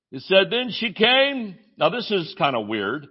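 A man preaching a sermon as a pastor, animated, with shouted exclamations and joking asides. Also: high voice, slightly rough, highs cut off.

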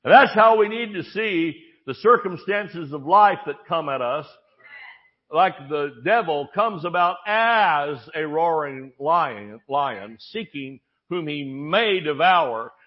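Male preacher, animated storyteller, slightly high voice, dull lo-fi audio. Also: takes it slowly. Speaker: pastor. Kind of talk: sermon.

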